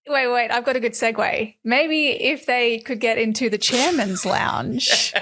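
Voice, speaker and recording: Woman, slightly high voice, teasing, laughs a lot, podcast co-host. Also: a bit bright, slight background noise. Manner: teasing, laughs often, quick asides. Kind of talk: casual comedic political chat.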